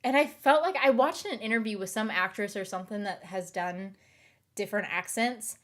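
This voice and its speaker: A woman's voice: mid-range voice, moderate pace. A young woman with a lightly covered-up Southern US accent, rambling casually in livestream chat with lots of fillers and restarts.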